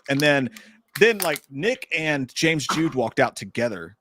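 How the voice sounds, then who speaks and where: A man co-hosting a casual livestream, telling stories with lively, loud bursts of impressions. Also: a little high, moderate pace. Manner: animated storytelling with loud shouted impressions. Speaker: podcast co-host.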